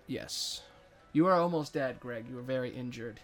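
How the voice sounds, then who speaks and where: A man narrating as game master of a tabletop game, casual with dramatic pauses. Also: medium pitch, soft background music.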